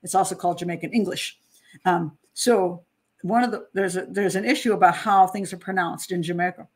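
A woman's voice: lowish voice, fairly even intonation, fairly quick. Chatty older woman from New Jersey. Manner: chatty, self-deprecating, with frequent laughs and restarts. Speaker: criminal profiler hosting her channel. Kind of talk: casual monologue on a true-crime case.

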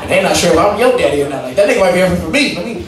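A male stand-up comedian telling profane stories about fatherhood to a live audience, with shouted punchlines. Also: high voice, animated, rapid-fire. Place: comedy club stage before a live audience. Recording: echoey room, mic heard from a distance, audience noise.

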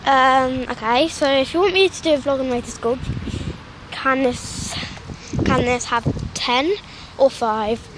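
Young woman, high voice, out of breath, chatty and rambling, loud outdoor noise. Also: fairly even intonation, unhurried. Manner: rambling, chatty, many fillers. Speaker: vlogger. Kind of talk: casual vlog while walking a dog. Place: outdoors in a park.

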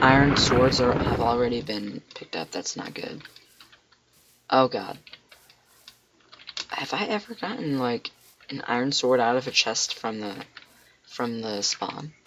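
A man records excitable let's play commentary at his desk, blurting exclamations and muttering to himself as he plays. His voice sits at an ordinary middle pitch. Faint keyboard clicks tick behind him. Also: background noise. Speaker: gamer.

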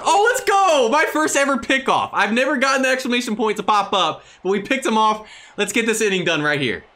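A man with a fairly high, bright voice runs casual commentary over his mobile baseball game. He talks straight to his viewers and gets loud and excited when things go his way. A faint hiss sits under his voice. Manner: excitable, cheers loudly at big plays. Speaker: gaming channel host.

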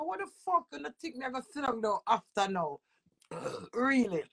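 A middle-aged Jamaican woman vents in a personal vlog, cursing freely and pressing every point hard. Her voice sits a little high, with a rough, gravelly edge. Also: sing-song, a little fast. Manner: profane, emphatic, with sudden loud outbursts and laughs. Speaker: vlogger. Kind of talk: heated personal rant to camera.

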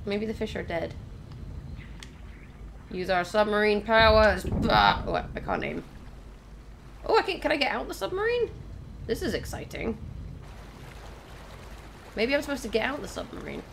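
A woman's voice: on the high side, wildly swooping pitch, normal speed, long pauses, background noise. A young woman casually commenting on a video game she is playing, chatting to viewers and exclaiming at what happens on screen. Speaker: let's play host. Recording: game sound clearly behind voice. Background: game ambience.

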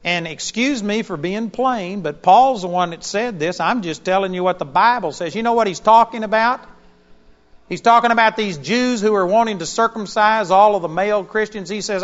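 A man preaches in an auditorium, his voice sitting somewhat high. He swings between loud, emphatic bursts and soft, confiding asides. The sound is muffled and lo-fi, with a dull top end. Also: moderate pace, big-room sound. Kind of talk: sermon to a live congregation.

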